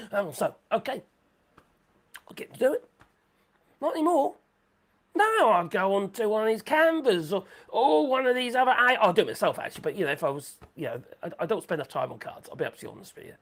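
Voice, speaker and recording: A woman hosting a live stream in rambling chat, excitable, swearing freely and laughing a lot. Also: medium pitch, fast.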